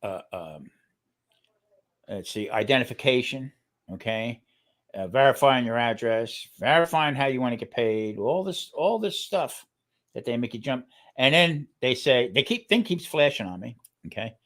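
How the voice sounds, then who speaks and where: A man on a casual podcast chat, talking in halting restarts and checking in with "okay?" as he goes. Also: mid-range voice, lively intonation, fairly bright tone. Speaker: guest keto cooking channel creator.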